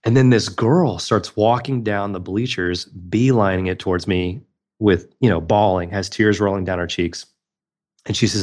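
On a podcast, a male guest who works as a magician and speaker shares something personal at a normal speed. His voice is on the low side, and his manner is earnest and reflective, with frequent restarts.

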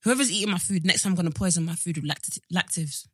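A woman's voice: lowish voice, fast, slightly rough, no room sound, studio quality. A young woman, co-hosting a casual chat podcast and telling stories animatedly, acting out the dialogue. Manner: animated storyteller who acts out quoted dialogue. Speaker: podcast co-host.

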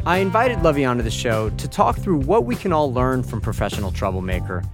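A man's voice: medium pitch, sing-song, fairly quick, music in the background. A man hosting a radio interview show, asking questions in a friendly conversational way.

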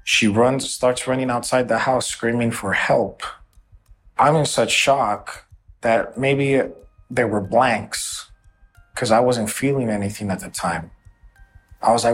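A man telling an interviewer about a violent night in a halting way, often repeating his words. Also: medium pitch, faint music behind. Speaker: interview guest. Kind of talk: personal account in an interview.

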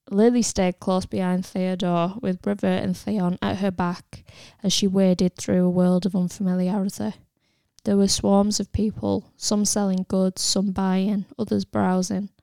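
A woman narrating an audiobook in a steady, even storytelling manner, recorded close in a studio. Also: medium pitch, creaky, dry recording. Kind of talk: scripted narration.

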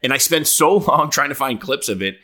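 A man's voice: medium pitch, lively intonation, fairly quick, sharp tone. A man co-hosting a casual podcast chat, brash and profane, often tagging his lines with "all right?". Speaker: podcast co-host.

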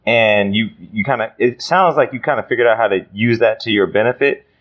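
A man with a low voice hosts a podcast conversation, asking questions thoughtfully and with many restarts. The audio is a little dull and muffled. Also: fairly quick. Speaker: podcast host.

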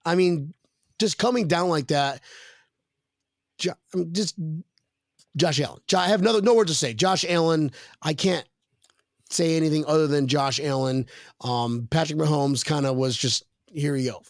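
A man's voice: fairly high pitch, moderate pace, pauses often, dry recording, clean studio sound. A man hosting a casual podcast chat, joking around and reading viewer comments aloud. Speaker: podcast host.

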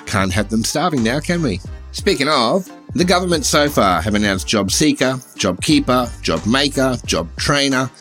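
A man's voice: mid-range voice, expressive, normal speed, a bit bright. An Australian man reads a scripted comedy monologue as host, in a mid-range voice. His delivery is sardonic and wry, with faint music behind him.

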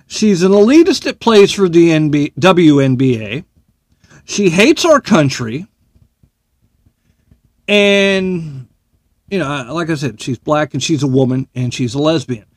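Heated, lively ranting man. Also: on the high side, a little slow, pauses often, dry recording, studio quality. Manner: blunt, profane, heated ranting. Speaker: podcast host. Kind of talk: solo podcast rant.

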